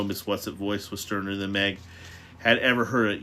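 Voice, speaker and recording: A man's voice: on the low side, steady tone, moderate pace, sharp tone. A man reading a novel aloud, with frequent stumbles and restarts. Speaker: reader.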